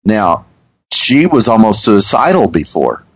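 Man, radio host, deep voice, unhurried, earnest storytelling. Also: big pitch swings, slightly rough, poor audio. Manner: earnest, halting with restarts. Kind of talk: conversational storytelling.

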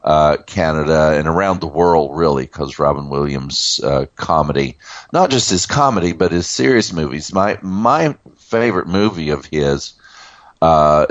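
Man, 60s, podcast co-host, very low voice, loose casual chat, dull dry recording. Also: lively intonation, dry recording. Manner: chatty, laughing, with fillers and pauses.

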